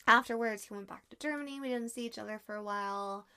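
A woman's voice: fairly high pitch, fast, sharp tone, clean tone. A woman in her twenties casually telling a personal story to her viewers, chatty and sarcastic, with lots of fillers. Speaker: vlogger.

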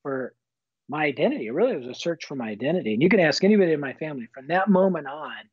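A man in his fifties, a guest telling his personal faith story in an earnest, animated, folksy way. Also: a little high, racing, husky, no echo. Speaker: guest author. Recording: slightly muffled, dull recording.

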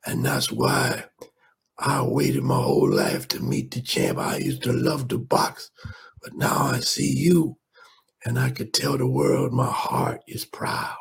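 A man putting on the voice of a frail, very old man who talks slowly and quietly, half breathless. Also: mid-range voice, sing-song, gravelly, breathy edge, pitched above the performer's own voice, exaggerated voice. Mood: tender. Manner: slow, quiet, halting.

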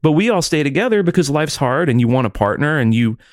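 A middle-aged man co-hosting a podcast, chatting casually in rambling, profane, animated stories. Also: on the high side, fast talker, no echo, clean studio sound. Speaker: podcast co-host. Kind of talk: casual chat.

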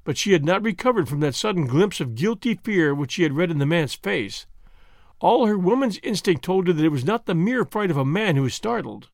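Male audiobook narrator, slightly high, animated delivery. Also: brisk, vocal fry, dry recording, clean studio sound. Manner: expressive storytelling. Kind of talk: scripted narration.

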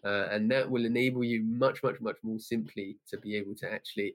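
A man's voice: fairly low pitch, fairly even intonation, fairly quick, hardly any pauses. A man, a science teacher speaking bluntly in a conversational interview, acting out exchanges with students.

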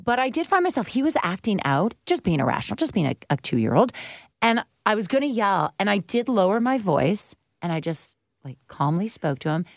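Casting: woman co-host, animated pitch, chatty and laughing, dry sound. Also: fairly quick, dry recording. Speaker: talk show co-host. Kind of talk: casual chat.

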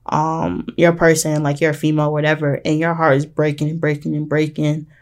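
A young woman vlogger telling a dating story to her viewers in a chatty, animated way and calling them y'all. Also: fairly quick. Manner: animated, chatty, addresses viewers as y'all, jumps up high when excited. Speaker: vlogger giving relationship advice.

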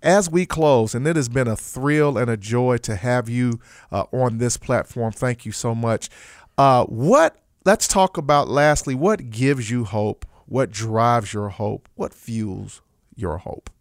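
A man's voice: mid-range voice, slow, no room sound, studio quality. A man hosting a faith-based interview podcast, affirming his guest with frequent interjections of praise. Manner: affirming, peppers talk with "praise God" and "amen". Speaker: podcast host.

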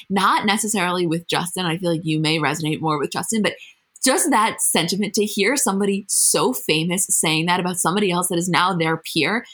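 Husky-voiced young woman, earnest chat. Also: on the low side, fairly bright tone. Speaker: podcast co-host. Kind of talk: casual chat.

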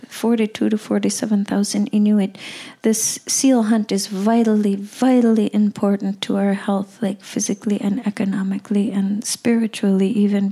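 A woman's voice: medium pitch, warm tone. A young woman from the Canadian Arctic giving an impassioned personal talk, blunt and freely profane. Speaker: speaker sharing her views.

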